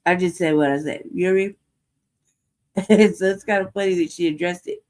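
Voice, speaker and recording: A woman's voice: on the low side, steady tone, brisk, a little mellow. Heated, profane American woman ranting. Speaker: show host. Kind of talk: ranting commentary.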